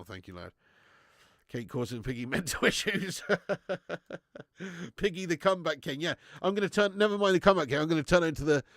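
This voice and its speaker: A man's voice: on the high side, no room sound, studio quality. A young man, chatty and laughing as he hosts a live stream and reads out comments, a bit under the weather with a cold. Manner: chatty, laughing, slangy banter. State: has a cold. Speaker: livestream host. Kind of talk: casual live-stream chat reading comments. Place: home garage.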